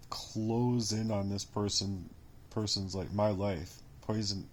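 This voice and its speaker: In a rambling personal monologue, a male vlogger with a lowish voice sounds exhausted and worn down, bitter and sarcastic. He swears often and repeats himself in halting phrases, with a little hiss or hum on the recording.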